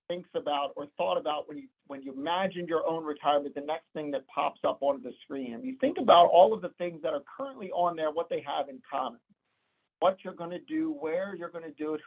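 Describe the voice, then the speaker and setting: A man's voice: fairly high pitch, expressive, fairly quick. A man with a Midwestern American accent, a financial advisor giving a conversational presentation. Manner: conversational, storytelling with quoted dialogue. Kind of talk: presentation to clients. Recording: tinny phone-like audio.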